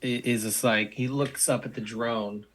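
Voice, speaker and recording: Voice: mid-range voice, steady tone, moderate pace. A game master narrating a tabletop roleplaying game, talking hesitantly with many restarts.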